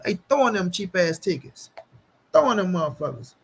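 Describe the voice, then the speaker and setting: A man hosting a boxing channel, ranting casually to the camera with profanity and mocking, repetitive jeers, swinging between loud bursts and mutters. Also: high-pitched, creaky, husky. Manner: animated, shifting quickly between loud and muttered. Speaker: boxing commentary channel host.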